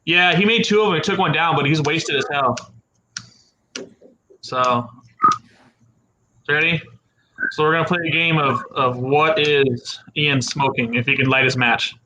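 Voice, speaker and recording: A man's voice: a little high, measured pace, long pauses, noisy background. A man hosting a casual livestream chat with friends, rambling and repeating words as he talks. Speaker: livestream host.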